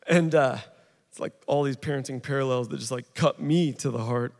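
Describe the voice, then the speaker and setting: A man's voice: medium pitch, fairly quick, creaky, darkish tone. A man in his thirties giving a casual, humorous testimony at a recovery ministry meeting, chatty and full of fillers. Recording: long reverb of a large hall.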